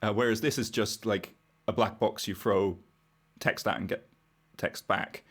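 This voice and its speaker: Low-voiced British man explaining things wryly. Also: fairly even intonation, measured pace, fairly bright tone, husky. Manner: explanatory, wry, thinks aloud. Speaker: podcast guest, browser engineer. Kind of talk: casual podcast conversation.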